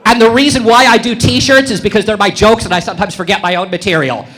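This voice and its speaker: A man performing a stand-up comedy set on a club stage, delivering provocative lines with deadpan brashness before each punchline. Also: sits high, fast.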